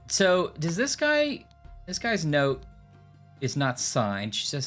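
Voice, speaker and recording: Man, streamer, animated pitch, casual thinking aloud, faint music behind. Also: takes it slowly. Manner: musing aloud, stammering fillers. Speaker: game streamer. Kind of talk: casual co-op game chat.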